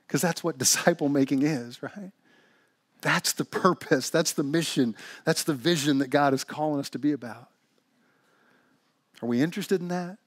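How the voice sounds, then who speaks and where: A man's voice: fairly high pitch, no room sound, studio quality. A man preaching a sermon in church, telling stories and asking rhetorical questions. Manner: animated storytelling with rhetorical questions. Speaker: pastor.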